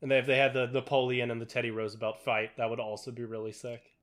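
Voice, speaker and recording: Rambling bright-voiced young man. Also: medium pitch, flat delivery, fast. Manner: rambling, swears freely, many fillers. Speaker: podcast co-host. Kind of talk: casual movie chat.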